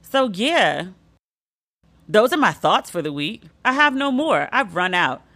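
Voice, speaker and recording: Woman podcast host, sassy, sarcastic, animated, mid-pitched, solo commentary. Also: measured pace. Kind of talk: solo pop-culture commentary.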